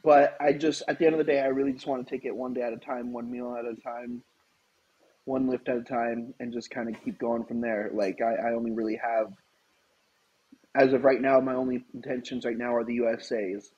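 A man's voice: medium pitch, little pitch movement, a little fast, a little mellow, slightly rough, lo-fi sound. A man talking as a guest on a casual podcast, blunt and laid-back in manner.

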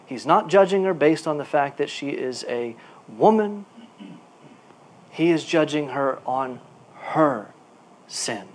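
A male pastor preaching a sermon. His delivery is animated, moving from quiet asides to emphatic bursts, and he repeats words while he looks for a phrase. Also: on the high side, slow, pauses often.

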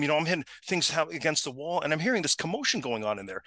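A middle-aged man casually telling a long funny story, animated and laughing, acting out the people in it. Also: on the high side, rapid-fire. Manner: animated, laughing, acts out the people in his stories.

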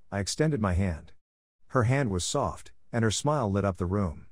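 A man calmly narrating a first-person story in a plainspoken, unhurried way. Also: fairly low pitch, dry recording, studio quality. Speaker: audiobook narrator.

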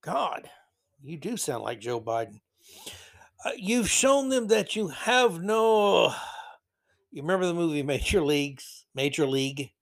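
A man's voice: a little high, sing-song, a little slow, vocal fry. A man hosting a podcast, delivering an exasperated, sarcastic monologue with scornful asides. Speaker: podcast host.

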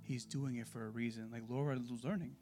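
A man leading a church Bible class in a casual, sermon-style way, animated and conversational, full of rhetorical questions. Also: medium pitch, a little fast, faint music behind.

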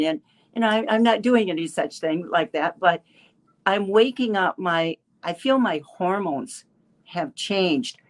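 A woman in her seventies giving a halting personal testimony with many restarts, a little emotional. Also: lowish voice. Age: 70s. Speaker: caller sharing a testimonial.

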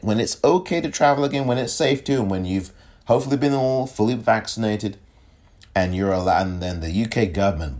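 A man hosting a political podcast, talking solo in an emphatic, animated way and often breaking off and restarting. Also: fairly low pitch. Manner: animated, emphatic, self-interrupting. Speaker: podcast host.

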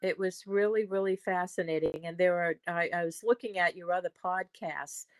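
A woman's voice: on the low side, fairly even intonation, normal speed, no room sound. Older woman, rambling storyteller. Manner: rambling, with frequent restarts. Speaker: podcast guest. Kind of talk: conversational storytelling.

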